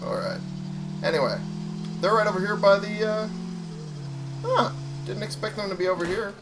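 A man's voice: fairly high pitch, fairly even intonation, normal speed, long pauses, background noise. A young man casually commenting on a video game he is playing, talking to his viewers and swearing freely. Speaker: gaming YouTuber.

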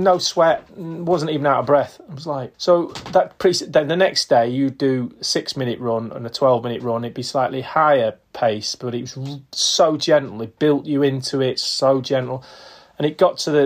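A man in his fifties spinning casual stories as a podcast guest. He talks at a middling pitch for a man and slips into other people's voices as he recounts old moments, with ready laughs between. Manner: lively storyteller who acts out quotes and laughs often. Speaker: podcast guest, retired footballer. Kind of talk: casual anecdotal storytelling.

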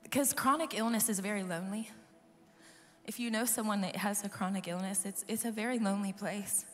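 Hoarse woman testifying in a big hall. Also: medium pitch, a little fast. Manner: earnest, storytelling, talks to the crowd. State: hoarse, losing her voice. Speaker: worship leader giving a testimony. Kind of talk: personal testimony to a live audience. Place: large conference hall. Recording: live hall reverb with soft music.

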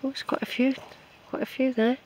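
A man's voice: very high-pitched, level tone, brisk, a little mellow, a little hiss or hum, rough recording. Chatty man hiking outdoors. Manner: chatty, rambling, talks to viewers as folks. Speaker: hiker filming his walk. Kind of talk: casual walking vlog. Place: outdoors on a hillside path.

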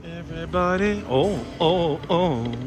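A man vlogging at slot machines, talking to his viewers with sudden excited outbursts. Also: fairly high pitch, slow pace. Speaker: casino vlogger. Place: casino floor. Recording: loud music behind voice. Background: loud casino machine music.

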